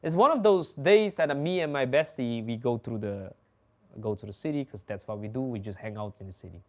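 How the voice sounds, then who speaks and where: Speaking a little fast in a medium-pitched voice, this young host from the Netherlands tells stories during a casual chat. He's animated and loose, swearing and laughing throughout.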